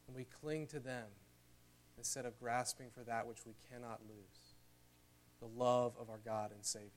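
A man preaching a sermon in a church, earnest, building louder and higher toward emotional peaks. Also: fairly even intonation, normal speed, slight background noise. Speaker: pastor.

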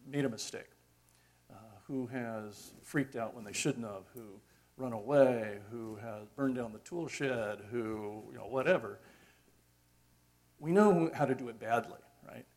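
A middle-aged man preaching a sermon in a reflective, conversational way, pausing often with fillers. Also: mid-range voice, a little mellow.

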